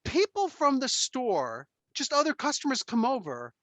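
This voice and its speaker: A man hosting a casual podcast chat, telling stories in an animated, emphatic way and swearing freely. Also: very high-pitched, moderate pace, dry recording. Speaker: podcast host.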